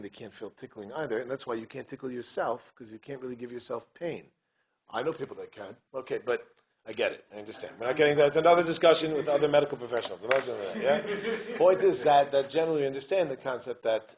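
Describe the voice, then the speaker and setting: A man, a rabbi, giving a lively community talk. He digresses, keeps asking his listeners if they understand, and chants Hebrew verses. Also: mid-range voice, dull audio.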